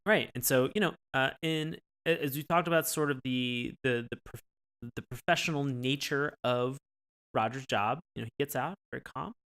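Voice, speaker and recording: A man's voice: medium pitch, normal speed, fairly bright tone, clear, resonant tone. A man co-hosting a podcast, describing a show in a rambling way and acting out characters' lines. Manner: rambling, many fillers and restarts, acts out lines. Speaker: podcast co-host. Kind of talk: casual chat about a cartoon.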